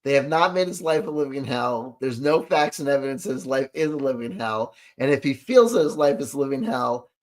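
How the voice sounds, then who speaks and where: A man's voice: medium pitch, expressive, fairly quick, few pauses. A man ranting in reaction to a video, sarcastic and exasperated, rambling with lots of fillers. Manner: exasperated, sarcastic, talks back at the clip. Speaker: commentary host reacting to a clip.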